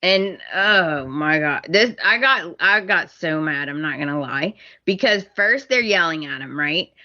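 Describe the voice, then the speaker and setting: A woman's voice: low-pitched, measured pace, highs cut off. A woman, casually recapping a soap opera as a podcast co-host and acting out the characters' lines. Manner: animated, acts out characters' lines, laughs often.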